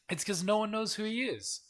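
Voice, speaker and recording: A young man with a bright, sharp voice that swings widely in pitch, chatting on a podcast. He teases his co-host and laughs easily, keeping a playful edge. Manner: teasing, laughs often. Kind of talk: casual chat.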